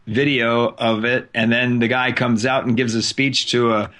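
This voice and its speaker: A podcast host with a mid-range, level, fairly bright voice chats casually and spins long stories. Now and then he draws his words out.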